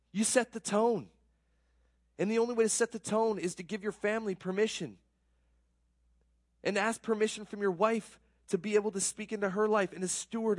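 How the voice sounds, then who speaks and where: A man's voice: high voice, no echo, clean studio sound. A man giving a conversational sermon, earnest and self-deprecating, often repeating words as he gets worked up. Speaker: pastor.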